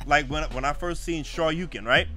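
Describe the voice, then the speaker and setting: A man's voice: on the high side, a little fast, soft background music. A man, telling stories in a casual podcast chat and acting out old conversations. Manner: animated storytelling, acts out old conversations. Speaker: podcast guest.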